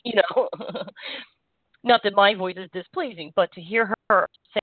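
A woman hosting a call-in healing show, talking callers through spiritual advice in a gentle, roundabout way. Her voice sits at a middling pitch. It comes through a thin, phone-like line with no room echo. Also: unhurried. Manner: gentle, reassuring, meandering with frequent "you know". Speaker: energy healer and show host. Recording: dry, tinny phone-line sound.

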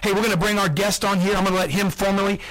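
A man's voice: sits high, steady tone, rapid-fire, fairly bright tone, low-quality recording. A man hosting a sales podcast, giving earnest motivational talk and repeating his key points for emphasis. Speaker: podcast host.

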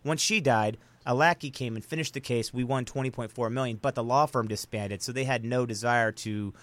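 A man tells a long story in a casual interview, swearing freely and stumbling through restarts and "uh"s. His voice sits at an ordinary middle pitch. The sound is close and dry, with no room around it. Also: a little fast, fairly bright tone, no room sound. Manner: blunt and profane, rambling with restarts and fillers. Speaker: guest.

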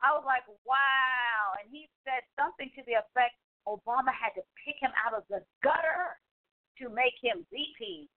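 Sassy high-voiced woman over a phone line. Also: moderate pace. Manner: animated, sassy, exclaims often. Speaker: talk show host. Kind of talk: casual call-in commentary. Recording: tinny phone-line sound.

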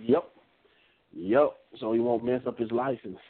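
Easygoing guy telling a story on a call-in wrestling show, mid pitch, sounds like a phone line. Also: measured pace. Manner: laid-back storytelling with Southern US dialect. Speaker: podcast co-host. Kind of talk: casual wrestling chat.

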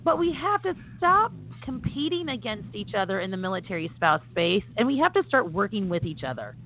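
With a sing-song, mid-range voice and a fairly quick delivery, a woman co-hosts a casual podcast. She is enthusiastic, stresses her words, and uses many fillers, while phone-like audio carries faint noise.

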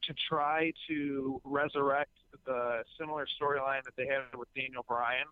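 A man's voice: mid-range voice, fairly even intonation, normal speed, dry recording. A man on a wrestling podcast who analyzes things at length in a rambling way. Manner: rambling, analytical, many restarts. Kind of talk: casual chat. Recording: slightly dull lo-fi sound.

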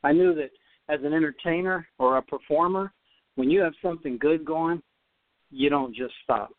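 A man, a former tennis player, telling a story as a podcast guest, animated and often repeating words as he goes. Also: on the high side, normal speed. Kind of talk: storytelling in an interview. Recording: dry, phone-like line.

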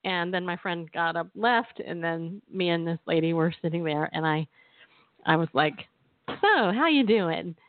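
Over a tinny phone line with no room sound, a woman with a lowish, steady voice speaks at normal speed. As a radio co-host she gives testimony and exhortation, chatting about her own experience, laughing, and performing quotes to urge listeners on.

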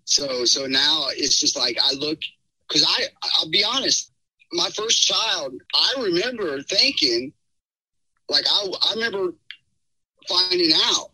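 A middle-aged man telling a personal story in a casual podcast chat, rambling and animated, with many fillers. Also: on the high side, slow pace, slightly rough, rough recording. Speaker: podcast guest.

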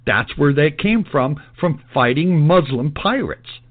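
A man's voice: fairly high pitch, animated, measured pace. A man delivering an emphatic, repetitive monologue in a preachy lecturing style. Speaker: political commentator. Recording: tinny phone-like audio.

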